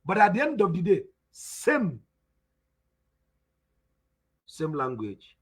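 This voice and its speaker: A man's voice: high voice, wildly swooping pitch, slow pace, husky. A Nigerian man with an Igbo accent, a native Igbo speaker, teaching in a spoken lecture, emphatic and repeating his points with rhetorical questions.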